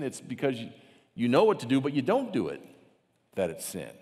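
A male pastor delivers a lively sermon. His pitch swings widely, and he drops into mocking voices. His voice rings with the long reverb of a large hall. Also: normal speed. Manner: animated, acts out mocking voices.

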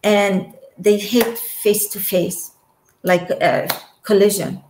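A woman's voice: medium pitch, steady tone, slow pace, a little mellow, roomy sound, a little hiss or hum, low-quality recording. A woman telling a personal story as an interview guest, emotional and trailing off between phrases.

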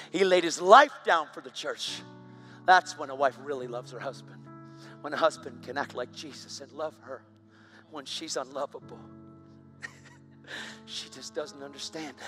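A man preaching with a high, bright voice that climbs to loud, excited peaks as he tells a story. His sermon delivery is animated and forceful. Faint music plays softly beneath him. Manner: animated, voice rising to loud shouts when excited.

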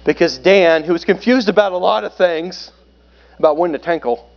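A man preaching a sermon as pastor, conversational and joking, swinging between loud and soft. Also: sits high, moderate pace, creaky, lo-fi sound.

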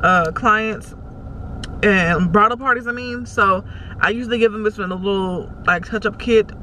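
A woman's voice: medium pitch, normal speed, pushed and bright. A woman, a makeup artist talking casually to her vlog camera while driving, rambling and easily exasperated. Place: in a car while driving in traffic. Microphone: camera in the car. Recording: car noise behind the voice.

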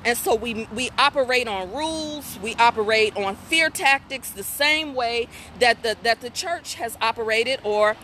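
A middle-aged woman talks frankly on a casual live stream, reading comments and spinning folksy stories. Her voice is bright and forceful. Faint traffic hums behind her outdoors. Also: a little high, moderate pace, few pauses. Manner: candid, folksy, animated storytelling with asides to viewers. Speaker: host of a women's talk stream.

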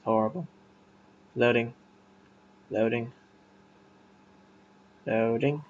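A man's voice: mid-range voice, fairly even intonation, extremely slow, dull audio, a little hiss or hum. Rambling man doing a game playthrough. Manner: rambling, self-mocking, with sudden loud outbursts. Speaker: gamer. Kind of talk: casual let's-play commentary. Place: at home. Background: game music.

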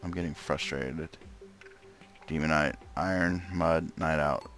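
A man's voice: a bass voice, fairly even intonation, measured pace. A man casually commenting on his own gameplay, muttering to himself and breaking into frustrated outbursts. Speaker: let's play gamer. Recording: gameplay with loud game music behind.

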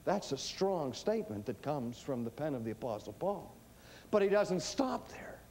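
A man delivering a teaching sermon, emphatic and dramatic, swinging between hushed lines and booming ones. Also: sing-song, normal speed. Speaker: preacher.

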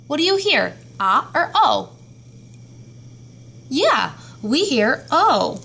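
A woman teaching a phonics lesson to young children, sounding out each letter slowly and clearly. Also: sits high, very animated, bright, forceful tone.

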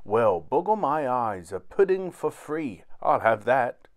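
A man voicing a hungry, greedy tinker in a storybook reading, loud and rough. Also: mid-range voice, very animated, slow. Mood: blustering.

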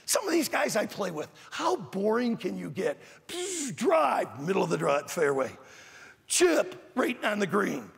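Older male preacher, high lively voice, gravelly and husky, shouts his points, big hall reverb. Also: measured pace. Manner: emphatic, shouting the key words. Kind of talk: sermon. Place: large auditorium at a youth conference. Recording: long reverb in a large hall.

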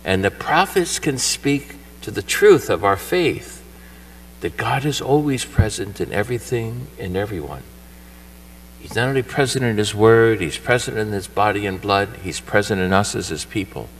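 A male priest with a lowish voice preaches a homily in a church shrine. He tells the story in a chatty, lively way and acts out the characters' lines. He is picked up from some distance off the microphone. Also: moderate pace, slight background noise. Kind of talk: homily at Mass. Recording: voice from far off the mic.

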